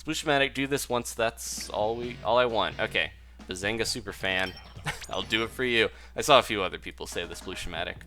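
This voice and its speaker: A man with a fairly low, pushed and bright voice talks briskly as a game streamer, giving chatty live commentary while he plays. He laughs often and reads viewer messages aloud, with game music playing behind him.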